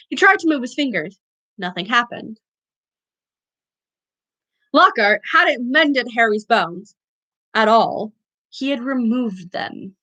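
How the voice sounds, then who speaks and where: A woman's voice: a little high, bright, forceful tone, low-quality recording. A woman reading a novel aloud for a book club, stumbling and correcting herself as she goes. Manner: reads with slips and self-corrections.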